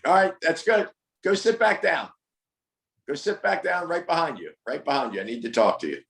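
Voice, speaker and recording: A man's voice: fairly high pitch, lively intonation, moderate pace, vocal fry, a bit bright, reverberant, rough recording. A man coaching a dog owner through training drills, firm and corrective, repeating his instructions. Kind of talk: hands-on coaching over a call.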